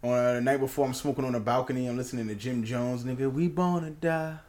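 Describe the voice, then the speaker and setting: A man telling a story in casual chat, profane and lively, acting out the quotes. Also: mid-range voice, racing.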